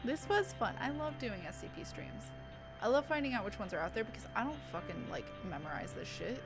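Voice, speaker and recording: Her voice sits fairly high, expressive and quick, captured on a rough recording under background music. She's a young adult streamer who performs a dramatic reading for her chat before turning to casual, gushing, profanity-laced chatter.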